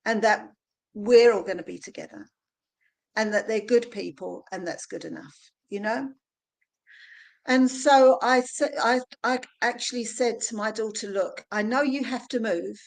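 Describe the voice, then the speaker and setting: A woman's voice: a little high, a little slow. A middle-aged woman co-hosting a livestream conversation, talking in an earnest, emotional, personal way over a video call. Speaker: guest host.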